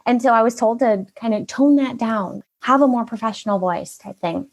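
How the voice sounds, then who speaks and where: Bubbly high-voiced woman guest. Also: moderate pace. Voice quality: high-pitched voice. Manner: bubbly and upbeat, often laughs. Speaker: marketing consultant, guest. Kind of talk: casual interview chat.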